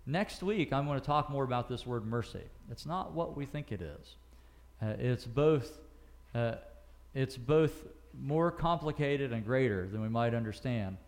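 A man teaching a Bible passage verse by verse, reading scripture slowly and asking his listeners questions, with frequent fillers and self-corrections. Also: mid-range voice.

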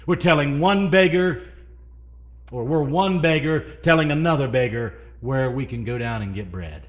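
Delivering a sermon at a moderate pace, this man has a medium-pitched voice with the highs cut off. He alternates booming emphasis with quiet asides and asks his congregation questions.

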